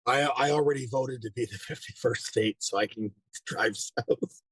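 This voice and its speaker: A man chatting casually with the hosts on a live call, laid-back with quick asides. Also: medium pitch, a bit bright, husky, dry recording. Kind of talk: casual chat.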